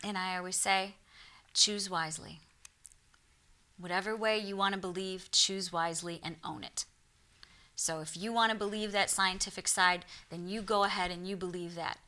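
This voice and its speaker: Bright-voiced Michigan woman telling stories. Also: on the low side. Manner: earnest, animated storyteller acting out quotes. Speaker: guest, psychic medium. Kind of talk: storytelling in a TV interview.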